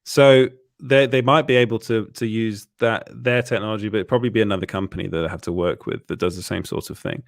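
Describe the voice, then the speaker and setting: A man's voice: fairly low pitch, steady tone, fast, vocal fry, few pauses, no room sound, clean studio sound. A man hosting a casual live-stream chat, often repeating words as he restarts his sentences. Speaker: show host.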